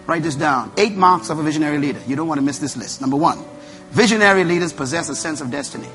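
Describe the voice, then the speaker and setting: A man's voice: a little high, quick pace, a bit bright, soft background music. A man preaching a motivational sermon, emphatic and repetitive, who tells his audience what to write down. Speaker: preacher and leadership speaker.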